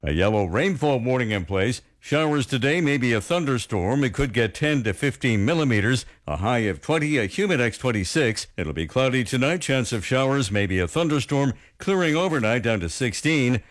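A man reading the weather forecast on the radio, brisk and matter-of-fact. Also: medium pitch, lively intonation, no echo, studio quality. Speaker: weather reader. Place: radio studio.

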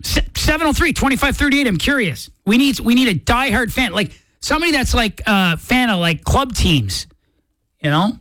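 A man's voice: very high voice, lively intonation, moderate pace, pushed and bright, no room sound. A man hosting a morning radio show, chatting casually and correcting himself as he goes. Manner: rambling, self-correcting, chatty. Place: radio studio. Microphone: studio microphone.

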